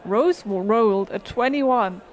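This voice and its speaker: A woman's voice: medium pitch, unhurried, some chatter behind, slight background noise. A woman player in a tabletop game, narrating her character's actions in a laid-back way. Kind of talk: tabletop role-play narration.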